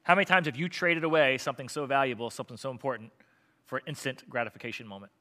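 A man preaching a sermon, telling the story in a lively, conversational way and acting out the characters' lines. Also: mid-range voice, very fast. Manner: animated storytelling with acted-out quotes. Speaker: pastor.

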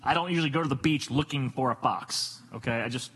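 A man's voice: mid-range voice, fast, background noise. A man preaching a sermon as a pastor, emphatic and repetitive, asking rhetorical questions.

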